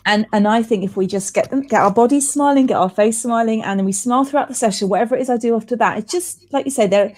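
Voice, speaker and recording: A woman's voice: a little high, fast, few pauses, a little mellow. A woman hosting an interview, talking in a chatty, encouraging way with many restarts. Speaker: host. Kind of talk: casual interview chat.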